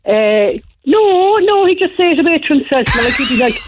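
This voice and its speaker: A woman's voice: high voice, big pitch swings, normal speed, no echo. A woman, calling in to a radio show and telling a rambling, chatty story. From Ireland. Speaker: caller. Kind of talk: phone-in radio chat. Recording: muffled phone-in line.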